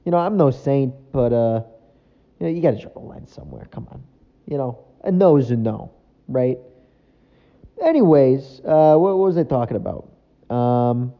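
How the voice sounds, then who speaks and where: A man's voice: medium pitch, expressive, brisk, dull audio. A man hosting a solo podcast from his apartment, rambling and self-mocking and often losing his train of thought. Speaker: podcast host. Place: apartment room at home.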